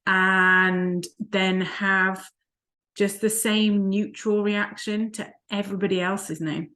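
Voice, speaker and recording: A woman's voice: mid-range voice, steady tone, slow pace, pushed and bright. A woman, a life coach co-hosting a vlog, telling stories in casual chat and laughing often. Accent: non-American, unplaced. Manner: chatty storyteller who laughs often.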